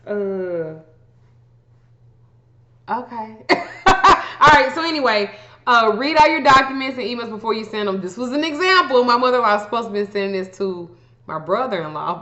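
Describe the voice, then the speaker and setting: A woman's voice: medium pitch, bright, forceful tone. A woman giving astrology advice in a blunt, profane, casual rant. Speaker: astrology vlogger. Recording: echoey room, dull lo-fi sound.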